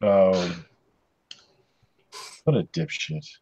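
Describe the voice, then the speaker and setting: A man's voice: lowish voice, expressive, very slow, creaky, a little mellow. A man in casual chat, enthusiastic and blunt, swearing casually. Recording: dry, muffled lo-fi audio.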